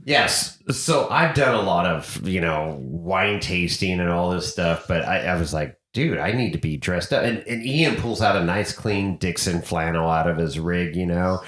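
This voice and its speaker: Male podcast host, low voice, very animated storyteller, roomy echo. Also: moderate pace, few pauses. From United States. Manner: animated, acts out quoted voices. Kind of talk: casual storytelling chat.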